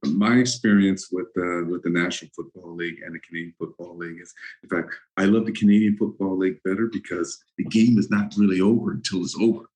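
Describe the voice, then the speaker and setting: A man's voice: sits low, steady tone, fast, darkish tone, rough recording. A man in his sixties, a former football player, telling stories as a guest in a casual interview, laughing often and acting out his anecdotes.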